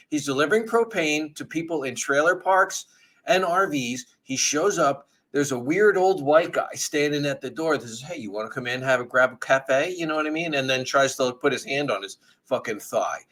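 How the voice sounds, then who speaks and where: A man's voice: fairly high pitch, lively intonation, normal speed, fairly bright tone. A man co-hosting a podcast in casual chat, teasing his friend, swearing freely and acting out other people's voices. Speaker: podcast co-host.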